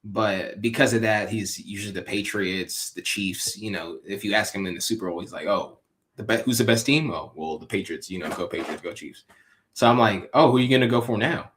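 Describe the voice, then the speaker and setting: A man's voice: lowish voice, brisk. A man co-hosting a casual sports chat, rambling and laughing often as he tells stories. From California. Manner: rambling, laughs often, lively ups and downs. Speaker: podcast co-host.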